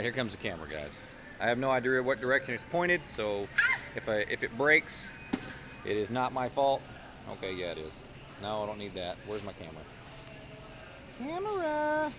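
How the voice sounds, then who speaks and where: Guy streaming from a store, lowish voice that swings all over, rambly and sweary, loud shop noise behind. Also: expressive, moderate pace, pauses often. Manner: rambling, profane, jokey. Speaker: live streamer. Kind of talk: casual live-stream chat. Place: shop aisles indoors. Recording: noisy shop background.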